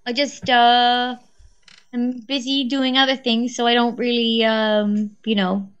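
A woman's voice: fairly high pitch, little pitch movement, slow pace, smooth, highs cut off. A woman guest voice actress in casual chat, who tells stories and laughs often. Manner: chatty, laughs often, storytelling.

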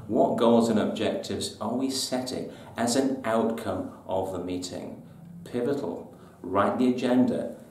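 A lowish-voiced man delivers business tips with punchy emphasis and a chatty, colloquial turn of phrase. He sits back from the mic in an echoey room, with faint ambient noise. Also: a little slow, darkish tone, recorded from a distance. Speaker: business trainer. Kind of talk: presenting tips to camera.

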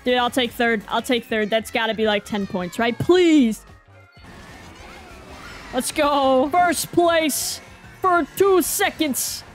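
A woman giving casual live gameplay commentary, excitable and self-mocking, with slang and mild swearing. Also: sits high, takes it slowly, faint music behind. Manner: excitable, groans and cheers at every turn. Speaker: gaming video creator.

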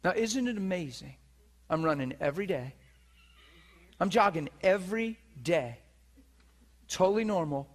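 A man preaching a sermon, telling a personal story with animated delivery and laughter. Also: sits high, moderate pace, long pauses. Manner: animated, laughs at his own story, acts out the people in it. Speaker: preacher teaching on divine healing. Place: teaching session before a listening audience.

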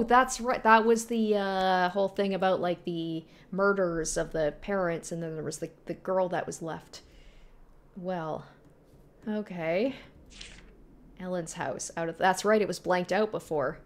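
A woman's voice: on the low side, a bit bright. A young woman streaming a horror game, jumpy and talking to herself as she plays. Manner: jumpy, talks to herself, reads text aloud. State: panicked while being chased. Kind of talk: horror game let's play commentary.

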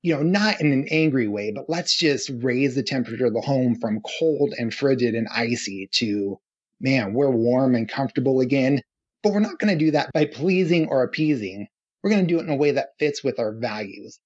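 A man's voice: medium pitch, expressive, moderate pace, husky, muffled recording. A man speaking as a podcast guest, explaining his ideas earnestly with analogies. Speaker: podcast guest, relationship author. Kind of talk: podcast interview.

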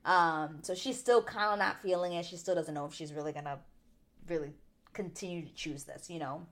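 A woman's voice: fairly quick, fairly bright tone. Chatty, opinionated woman recapping a show. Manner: chatty and opinionated, lots of "like" fillers; rises to high indignant exclamations. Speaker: TV recap vlogger. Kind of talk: casual reality-show recap.

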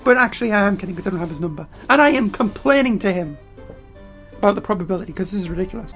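Excitable man yelling at a game. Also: sits high, rapid-fire, faint music behind. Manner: excitable, bursts into loud yelling. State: strained throat. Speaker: let's play gamer. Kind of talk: casual game commentary.

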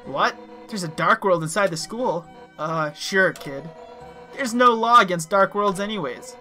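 A man voicing a loud, brash female monster police officer in a video game, shouting and tough-talking. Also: sits high, expressive, measured pace, soft background music, heavily acted. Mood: gruff.

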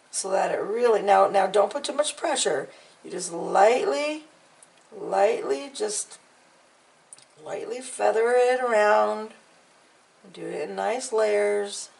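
Chatty woman with a gravelly voice. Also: medium pitch, far from the mic, low-quality recording. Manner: chatty, encouraging, trails off and repeats words. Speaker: art tutorial host. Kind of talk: casual real-time coloring tutorial.

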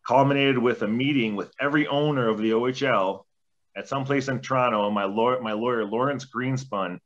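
A man's voice: mid-range voice, a little fast, fairly bright tone. A man in his forties, a former hockey player, telling rambling stories in a podcast interview, laid-back and swearing freely. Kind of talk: casual storytelling interview. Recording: dull lo-fi podcast audio.

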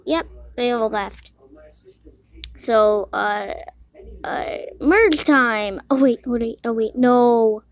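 A woman giving casual commentary while playing an online game, excitable, giggly and quick to get frustrated, talking to herself. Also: on the high side. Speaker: gamer playing a Roblox game. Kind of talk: casual let's-play commentary.

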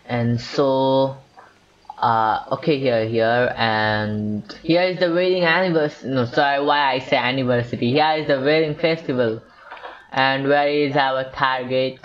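A man's voice: mid-range voice, moderate pace, lo-fi sound. A man gives casual commentary on a video game he is playing, rambling and talking to himself and to the characters on screen. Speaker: gameplay commentator. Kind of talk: casual let's-play commentary.

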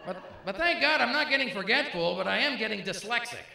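A man's voice: very high voice, expressive, quick pace, creaky, pushed and bright. A middle-aged man doing brash, punchy stand-up comedy on a club stage, bantering with the crowd. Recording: echoey live room with faint ambience.

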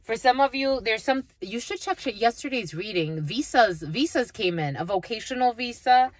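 A woman's voice: a little high, animated, normal speed, no room sound. Blunt, profane woman giving a psychic reading. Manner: blunt and profane, calls viewers "my lovies"; rambling, with frequent restarts. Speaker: spiritual reader. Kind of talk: off-the-cuff psychic reading to viewers.

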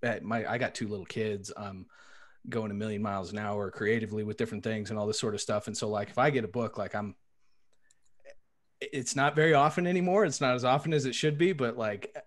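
A man's voice: lowish voice, brisk. A man hosting a podcast, asking the guest long, wandering questions while he searches for the right words. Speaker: podcast host. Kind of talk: casual interview questions.

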